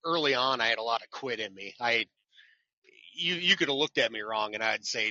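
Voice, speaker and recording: Bright, self-mocking trucker telling stories. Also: male voice, mid-range voice, a little fast, no room sound, highs cut off. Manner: self-deprecating, animated storyteller who acts out quotes. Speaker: podcast guest, truck driver. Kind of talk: casual storytelling interview.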